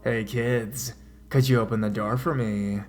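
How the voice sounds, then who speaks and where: A sinister, grinning male intruder in his thirties or forties asks calmly and pushily, at an ordinary middle pitch, as a man reading a horror story puts him on. A faint music bed runs underneath. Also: unhurried, close to an everyday voice.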